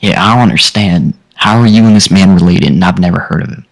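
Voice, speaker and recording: A man's voice: sits low, quick pace, vocal fry. A man voicing a curious young male adventurer in a tabletop role-play, asking his friend casual, direct questions.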